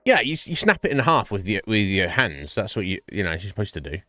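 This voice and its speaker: Male streamer, rambling chat; animated delivery, dry mic. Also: on the low side, fairly quick, no echo, soft background music. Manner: rambling, laughs often, swears. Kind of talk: casual chat with viewers.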